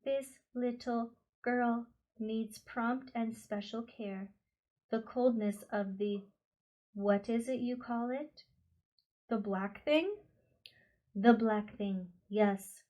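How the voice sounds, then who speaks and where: A woman voicing a gentle, furry alien beast with tentacles, who speaks slowly, softly and calmly. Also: a little high, low-quality recording. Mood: soothing, grave. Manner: slow, soft, calm and careful.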